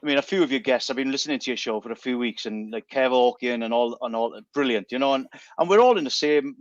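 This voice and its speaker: A man's voice: mid-range voice, fast talker, dry recording, lo-fi sound. A middle-aged man, a guest entertainer chatting on the radio, telling stories animatedly and stumbling over repeated words. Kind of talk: casual radio chat.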